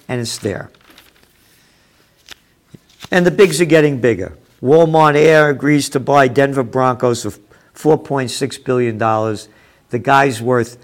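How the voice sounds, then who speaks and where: A man hosting a show, reading news headlines aloud and commenting with sarcastic, profane asides that turn heated. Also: medium pitch. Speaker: host.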